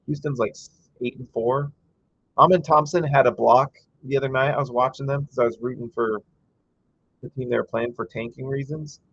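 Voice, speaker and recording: A man's voice: mid-range voice, fairly even intonation, moderate pace, fairly bright tone, breathy edge, dry recording, dull audio. A man hosting a casual live game-watch stream, chatty and reading viewer comments aloud, breaking into frustrated rants. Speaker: livestream host.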